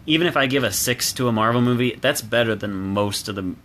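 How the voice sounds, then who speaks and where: A man's voice: mid-range voice, fairly quick, a bit bright. A man giving a casual, opinionated solo film review, chatty with restarts and fillers, recorded alone at home.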